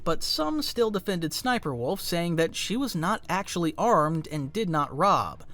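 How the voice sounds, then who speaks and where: High, lively male documentary narrator. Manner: dramatic, emphatic storytelling. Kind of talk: scripted narration. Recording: faint music underneath.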